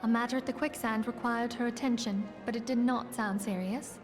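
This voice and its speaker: A woman's voice: a little high, steady tone, a little fast, natural voice. An actress playing a courteous, composed noblewoman in a video game, speaking formally. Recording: game audio over music.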